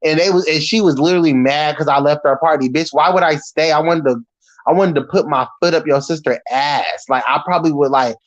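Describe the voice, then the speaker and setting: A man telling a story to the camera in a casual, animated and profane way, full of slang. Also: a little high, fairly quick, no echo, low-quality recording. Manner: animated, profane, slangy and talking straight to the viewer. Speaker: storyteller vlogger.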